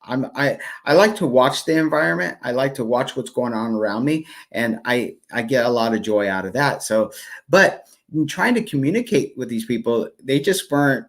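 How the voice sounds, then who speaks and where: A man's voice: mid-range voice, lively intonation, normal speed, a bit bright. A man co-hosting a live devotional stream, telling a travel story hesitantly with many fillers and restarts. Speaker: co-host. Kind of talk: casual storytelling.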